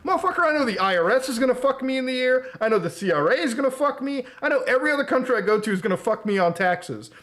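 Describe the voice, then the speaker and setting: Male streamer, high voice, swings wildly in pitch, profane exasperated rant. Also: animated, fast talker, few pauses, fairly bright tone. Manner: profane, exasperated ranting with mocking outbursts. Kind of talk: casual livestream rant.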